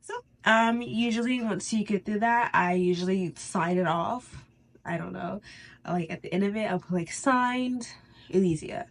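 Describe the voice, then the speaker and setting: A woman's voice: medium pitch, fairly even intonation, moderate pace, gravelly. A young woman vlogger talking casually, chatty and full of fillers, explaining a journaling routine step by step. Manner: chatty, lots of "like", restarts. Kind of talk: casual instructional chat.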